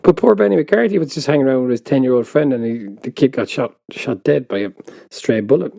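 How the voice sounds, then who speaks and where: A man's voice: mid-range voice, lively intonation, fast, vocal fry, mellow, dry recording. A man co-hosting a casual football book podcast, making dry, wry, laid-back remarks. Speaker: podcast co-host. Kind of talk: casual chat.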